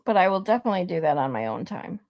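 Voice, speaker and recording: A woman's voice: on the low side, big pitch swings, very fast, muffled recording. A woman hosting a casual live stream, thanking viewers between clips. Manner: thanks viewers, laid-back chatter.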